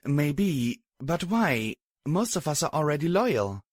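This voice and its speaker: A man voices a shy young pegasus mare in a storybook reading, soft and timid, a little higher than his normal voice. The sound is dry and close. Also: expressive, normal speed, no room sound. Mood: gentle.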